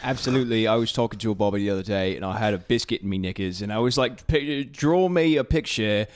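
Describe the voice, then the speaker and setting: A man's voice: fast, close to an everyday voice. A man putting on a comic mock British accent as a cheeky, silly British man in podcast banter. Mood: jokey. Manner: exaggerated, playful, higher and louder.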